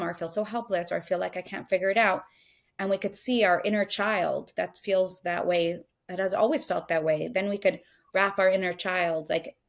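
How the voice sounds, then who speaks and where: Earnest woman giving spiritual coaching talk. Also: mid-range voice. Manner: earnest, acts out inner voices in quotes. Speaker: guest speaker.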